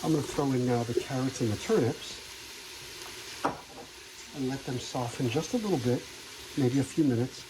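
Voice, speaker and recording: Relaxed man narrating his cooking over sizzle. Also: medium pitch, moderate pace, pauses often. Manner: relaxed step-by-step explaining. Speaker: home cook. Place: home kitchen at the stove. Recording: sizzling pan noise behind.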